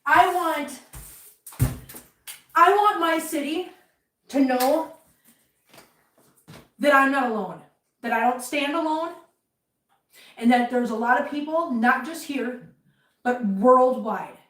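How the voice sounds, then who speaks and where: A woman's voice: high-pitched, takes it slowly, pauses often, fairly bright tone, distant mic, slight background noise. A middle-aged woman hosting a casual livestream from home, chatting and venting heatedly in a rambling way. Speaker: livestream host. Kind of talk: casual live chat while cleaning. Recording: roomy, from off-mic.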